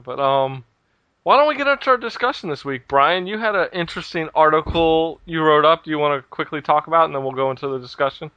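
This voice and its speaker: A man hosting a casual gaming podcast, talking in a relaxed, rambling way with lots of fillers. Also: fairly high pitch, clean tone, no echo, dull audio. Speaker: podcast host.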